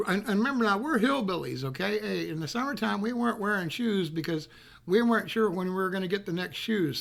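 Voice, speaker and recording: Gravelly folksy man. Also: high-pitched, a bit bright. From North Carolina. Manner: rambling, folksy, repeats phrases. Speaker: storyteller. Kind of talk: casual storytelling.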